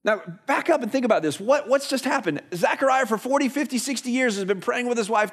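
A male pastor preaching a sermon, telling a story with lively rhetorical questions. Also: very high voice, fast, breathy edge.

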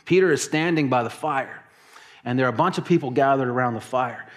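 A man preaching to his congregation, telling the story with lively emphasis and acting out quoted lines. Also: mid-range voice, brisk. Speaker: pastor. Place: church service in a large hall.

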